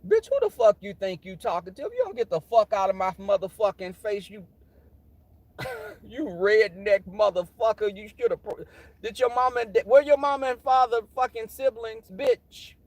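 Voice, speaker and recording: A man voicing his brash, foul-mouthed alter ego, loud, profane and confrontational. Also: high voice, lively intonation, drawn-out words, hardly any pauses, husky, no echo, voice pushed up, full character voice. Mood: cussing out.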